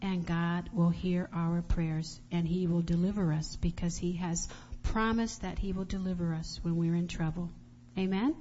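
A woman missionary giving a children's sermon, telling an animated story and asking the children questions along the way. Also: fairly low pitch, normal speed, a little hiss or hum. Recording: long reverb, dull lo-fi sound.

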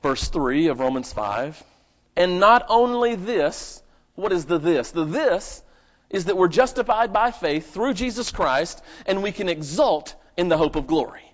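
A man preaching a live sermon at a church service, swinging between loud emphatic bursts and quiet asides and asking the congregation questions. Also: on the high side, expressive, moderate pace. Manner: asks the congregation rhetorical questions. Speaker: pastor. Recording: lo-fi dull recording.

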